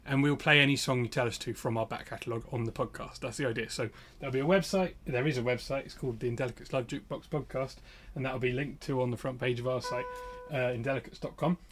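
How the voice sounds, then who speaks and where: A man co-hosting a casual podcast from home, joking and rambling through animated stories. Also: medium pitch, quick pace, faint music behind. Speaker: podcast co-host. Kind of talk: casual chat.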